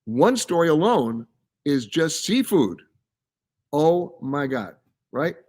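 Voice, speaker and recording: A man's voice: a little high, sing-song, slow, a little mellow. Chatty travel show host, man. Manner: chatty and emphatic, reads out viewer comments and answers them. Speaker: travel show host answering viewer questions. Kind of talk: casual live-stream chat. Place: live from a science center.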